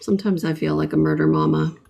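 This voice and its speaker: Quick-paced and low-pitched, this woman has a darkish tone, vocal fry and fairly even intonation. As a livestream host, she paints and casually, playfully answers comments from her audience.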